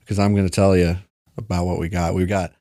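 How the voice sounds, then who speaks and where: A man's voice: deep voice, little pitch movement, fairly quick, dark tone, dry recording, clean studio sound. A man co-hosting a comedy podcast, rambling in casual chat and laughing often. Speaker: podcast co-host.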